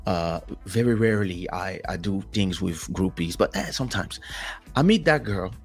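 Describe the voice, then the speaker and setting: A man's voice: sits low, normal speed, slightly rough, faint music behind. A man whose first language is French, a podcast co-host in casual chat, telling stories animatedly and acting out other people's lines. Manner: animated storyteller who acts out other people's voices.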